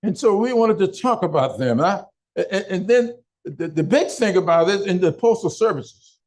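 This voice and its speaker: An older man giving a town hall speech in slow, deliberate oratory with emphatic pauses. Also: high-pitched, lively intonation, darkish tone. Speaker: political speaker.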